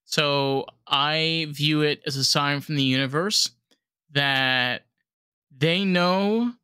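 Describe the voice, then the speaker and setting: A bright, keen-toned man hosting a podcast, joking and animated as he chats with his guest. His voice sits a little high for a man, and the sound is dry and close. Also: slow, clean tone, dry recording. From United States. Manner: animated, joking, swears freely. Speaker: podcast host. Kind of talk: casual interview chat.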